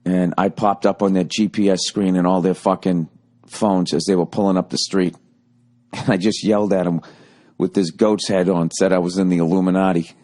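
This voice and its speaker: A man's voice: deep voice, little pitch movement, normal speed. Profane rambling man on a solo podcast. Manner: profane, rambling, swings between loud and muttered. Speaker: podcast host. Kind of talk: solo comedic monologue.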